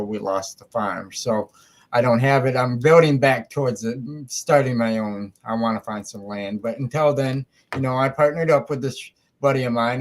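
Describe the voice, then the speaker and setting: A man with a rural Michigan accent hosting a casual interview, telling stories and acting out exchanges. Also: mid-range voice. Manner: chatty storyteller, animated when retelling exchanges. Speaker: podcast host.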